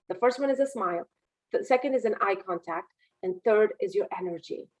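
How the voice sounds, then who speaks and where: Lively woman giving a webinar talk. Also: a little high, highs cut off. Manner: lively, demonstrative, shifts energy up and down. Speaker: business speaker and mentor. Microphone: video call.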